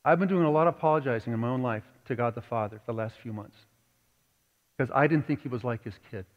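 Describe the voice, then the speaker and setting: A man's voice: medium pitch, quick pace. A man preaching a sermon to his congregation, earnest and conversational, building to emphatic points. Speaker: pastor. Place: church sanctuary. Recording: dull recording with long hall reverb.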